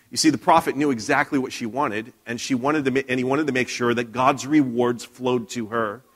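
A man's voice: mid-range voice, fairly even intonation, moderate pace, few pauses, a bit bright. A man preaching a sermon in a church, telling a Bible story conversationally with frequent restarts and questions to the congregation. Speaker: pastor.

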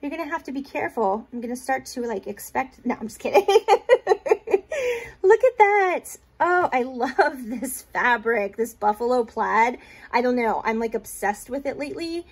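A woman hosting a crafting vlog gushes and rambles, full of fillers and restarts, as she shows off gifts that arrived in the mail. She's tearful and holding back crying. Her voice is on the high side, breathy-edged, at normal speed.

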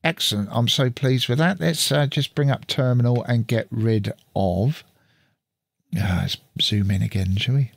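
A channel host with a mid-range, slightly slow, creaky voice chats casually while walking through a computer setup on screen, thinking aloud as he works. He's recorded on a studio mic through an audio interface, with no echo.

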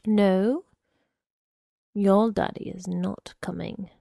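A woman's voice: mid-range voice, fairly even intonation, very slow, creaky, dark tone, no echo, studio quality. A woman reading aloud, voicing a pushy young man who coaxes and threatens by turns. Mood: wheedling. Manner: wheedling and pushy, slipping into threats. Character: menacing young man, smooth-talking stalker.

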